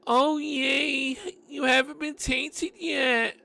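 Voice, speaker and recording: A man voicing a cheerful young woman coworker in a storybook reading, lifting his voice high and slowing down. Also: flat delivery, vocal fry, pushed and bright, exaggerated voice. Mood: cheery.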